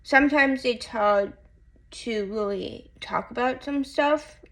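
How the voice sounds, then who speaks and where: A woman vlogger talking to camera in casual chat, tearful and halting, often repeating herself. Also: a little high, fairly bright tone.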